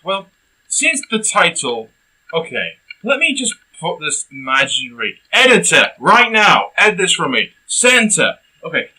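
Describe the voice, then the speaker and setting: A young man co-hosting a casual comedic film review, ranting and bursting into shouts. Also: sits high, rough recording.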